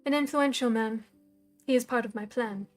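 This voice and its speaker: A woman's voice: on the high side, moderate pace, faint music behind, close to an everyday voice. A woman reading aloud and voicing a frightened young woman who pleads earnestly and halts over her words. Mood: pleading.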